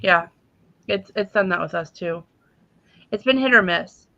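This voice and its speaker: A woman hosting a casual livestream chat, chatty with quick reactions. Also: on the low side. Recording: dull lo-fi stream audio.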